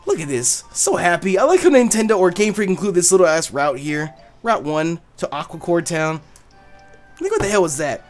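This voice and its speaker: Animated, profane male gaming commentator. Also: high-pitched, a little fast, faint music behind. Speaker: gaming YouTuber. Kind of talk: let's play commentary.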